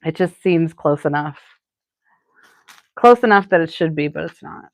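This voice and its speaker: At a moderate pace and in a low-sitting voice, a middle-aged Boston woman hosts a live crafting stream, chatting aimlessly with many fillers. She works as a florist. The recording is dry.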